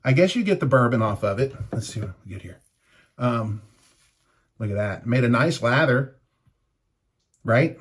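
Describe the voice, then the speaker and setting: A man's voice: medium pitch, animated, moderate pace, long pauses, husky. Rambling middle-aged man telling stories. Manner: rambling, anecdotal, chuckling. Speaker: shaving product reviewer. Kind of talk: casual vlog storytelling while shaving.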